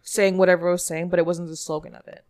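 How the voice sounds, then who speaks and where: A woman's voice: fairly low pitch, level tone, fast, a little mellow. A woman co-hosting a casual podcast, chiming in with short replies and quips. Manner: chimes in with short backchannel replies. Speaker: podcast co-host. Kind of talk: casual chat.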